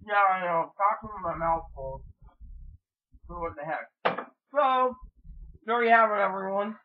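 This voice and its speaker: A man's voice: high-pitched, lively intonation, a little slow. A man giving a casual, rambling vlog update, full of fillers and restarts. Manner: meandering, many fillers and restarts. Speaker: vlogger. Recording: tinny phone-like audio.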